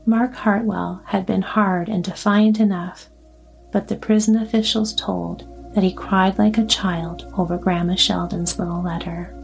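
A woman narrating a storybook in a calm, even way. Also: mid-range voice, unhurried, creaky, soft background music. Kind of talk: storybook reading.

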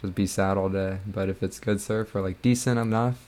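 A man's voice: low-pitched, fairly even intonation, moderate pace, darkish tone. A young man co-hosting a podcast, chatting in an easygoing way and cracking jokes. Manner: easygoing, joking interjections. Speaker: podcast co-host. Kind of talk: casual chat.

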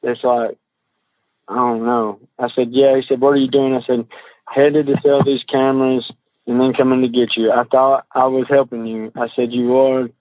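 A man speaks over a tinny phone line, his voice dry and close with no room around it. He talks in a halting drawl, full of fillers and restarts, as he reads old text messages aloud. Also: medium pitch, level tone, dry recording. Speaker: witness on a phone call.

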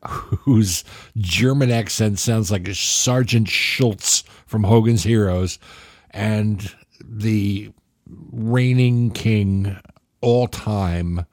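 A man talks slowly and deliberately in a low, sardonic voice, close to a dry, deadened mic. He hosts his own comedic monologue, chuckling now and then. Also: darkish tone, no echo. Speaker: podcast host.

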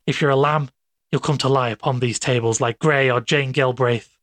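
A man voicing a smooth, domineering male doctor who talks in a persuasive, coaxing way. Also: mid-range voice, steady tone, normal speed, a bit bright, dry recording, lightly acted.

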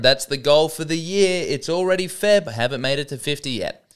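A man's voice: fairly high pitch, expressive, a little fast, clear, resonant tone, faint music behind. A young man hosting a comedy podcast alone, rambling and sarcastic, often mocking himself. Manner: sarcastic, rambling, self-deprecating. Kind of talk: solo comedic monologue.

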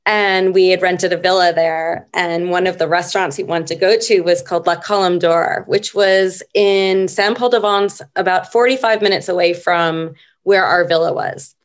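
Slightly low-voiced middle-aged woman storyteller. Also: steady tone. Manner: unhurried, reflective storytelling. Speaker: podcast guest. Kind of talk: casual interview conversation.

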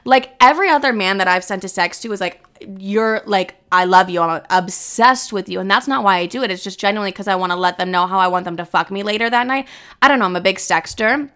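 Blunt, bright-voiced young woman. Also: mid-range voice, quick pace, smooth. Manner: blunt, profane, animated storytelling. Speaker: podcast host. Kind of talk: candid casual monologue.

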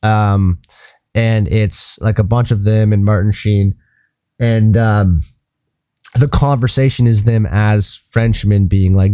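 A man chatting on a podcast, rambling and hunting for the right word, with casual swearing. His voice is mellow and dark. The sound is dry and close, with no room echo. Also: lowish voice, steady tone, slow, clear, resonant tone. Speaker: podcast co-host. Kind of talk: casual chat.

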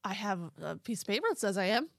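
A woman's voice: mid-range voice, very animated, fast talker, vocal fry, no echo. A woman co-hosts a podcast in a loose, joking chat. She talks playfully and swears freely, her voice close and dry on the mic with no room sound around it. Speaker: podcast co-host. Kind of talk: casual chat.

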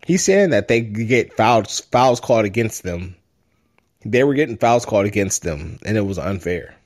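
Animated man co-hosting a sports podcast. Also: on the low side, normal speed. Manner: animated, laughing, joking. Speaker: podcast co-host. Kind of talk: casual sports chat.

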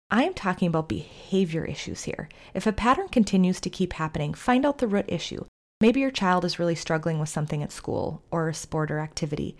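A middle-aged woman hosting a podcast, giving calm, earnest, faith-based parenting advice in an instructive way. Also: on the low side. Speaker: podcast host, family therapist.

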